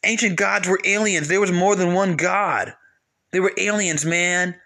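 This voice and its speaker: A man preaching about the Bible in a casual, animated way, talking straight to his listeners and repeating lines for emphasis. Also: sits high, a little slow.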